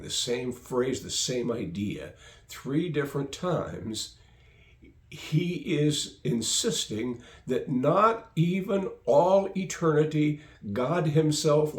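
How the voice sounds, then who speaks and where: A man preaching with a wide, lively swing of pitch, taking his time over each phrase. He is a pastor who leans hard on repetition to drive each point home. His voice carries a roomy echo around it. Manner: emphatic, repeats phrases for stress. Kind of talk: sermon.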